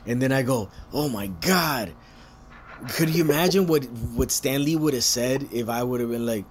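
A man casually telling a story, swearing often, laughing and jumping into high voices to quote people. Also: normal speed, a little hiss or hum.

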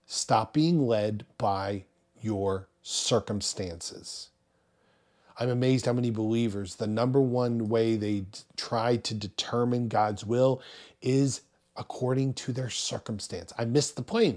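A man in his forties preaching a sermon as pastor, humorous and animated, laughing at his own jokes. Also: mid-range voice, slow pace.

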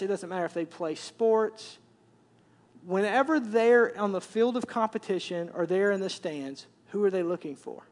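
A man, preaching a conversational sermon and repeating words as he builds up. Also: high voice. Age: 40s. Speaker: pastor.

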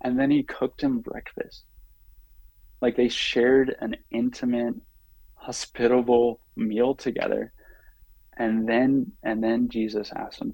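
A man, a podcast guest, telling a story in an earnest, halting way with frequent fillers and restarts. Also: medium pitch, creaky, a little mellow, husky, no room sound, poor audio. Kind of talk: reflective conversational storytelling.

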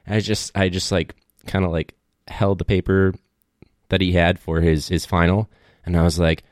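Low-voiced man rambling through a story. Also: little pitch movement, normal speed, no room sound, studio quality. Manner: rambling storyteller, lots of fillers and asides. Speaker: public school teacher. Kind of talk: casual monologue.

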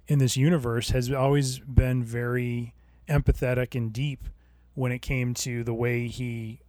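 A man co-hosting a casual podcast chat about a TV episode, talking thoughtfully and trailing softer as he searches for words. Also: mid-range voice, dry recording. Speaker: podcast co-host.

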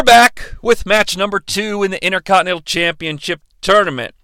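A man's voice: high-pitched, a little fast, few pauses, sharp tone, clear, resonant tone, no echo. A man hosting a podcast who recaps old wrestling matches in a casual, profane and sarcastic way. He speaks into a close studio mic. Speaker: podcast host.

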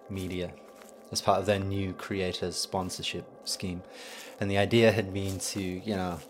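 Sardonic English man, low voice. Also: a little hiss or hum. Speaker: podcast host. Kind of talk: sardonic comedic monologue.

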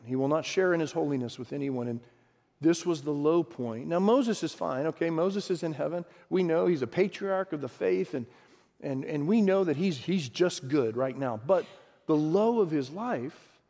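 A man preaching a sermon with a fairly high voice, speaking casually and turning to his listeners with questions. His words ring out with a long reverb, as in a large hall. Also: a little mellow. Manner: conversational preaching with asides to the congregation. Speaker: pastor.

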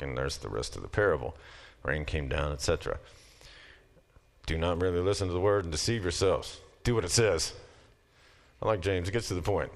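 Guy teaching a bible class, lowish voice, chatty then punchy when he reads passages. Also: fairly quick. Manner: conversational, reads passages aloud with rising emphasis. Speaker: lecturer. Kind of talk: classroom lecture reading scripture.

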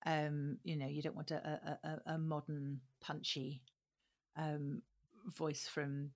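A woman's voice: sits low, completely flat delivery, slow pace, darkish tone. A woman who produces audiobooks, answering interview questions thoughtfully, with frequent ums and restarts as she searches for words.

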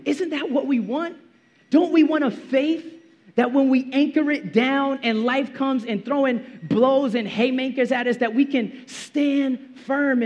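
High-voiced young pastor preaching casually. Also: male voice. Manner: casual slang, animated, acts out movie quotes. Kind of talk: sermon.

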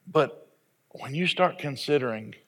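Southern pastor guy in his 40s preaching, folksy and joking at himself, keeps restarting, middle pitch. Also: expressive, a little slow, a bit bright, breathy edge. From American South. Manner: folksy, self-deprecating storytelling with repeated restarts. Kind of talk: sermon.

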